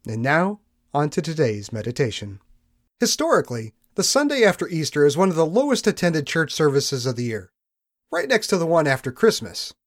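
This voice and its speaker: A male pastor delivers a sermon in a fairly high voice that swings widely in pitch. He reads scripture slowly and stresses key words as he preaches. The recording is dry and close. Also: huge pitch swings, dry recording.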